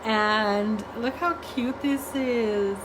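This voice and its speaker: A woman's voice: on the high side, very slow, noisy background. A young adult woman talks casually about a book she is reading, gushing about it and filling her talk with "like" and "you know.". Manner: chatty and gushing, many fillers. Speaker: book reviewer. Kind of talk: casual chat.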